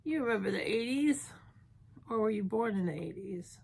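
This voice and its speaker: A woman's voice: medium pitch, animated, moderate pace, gravelly, a little mellow, a little hiss or hum. A woman in her fifties chatting casually through a makeup tutorial, joking at her own expense as she works. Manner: chatty, self-mocking, thinking aloud while applying makeup. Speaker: beauty vlogger.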